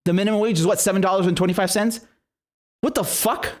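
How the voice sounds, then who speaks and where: A man's voice: high-pitched, steady tone, fast talker. A man hosting political commentary, ranting in an angry, sarcastic and profane way with mocking asides.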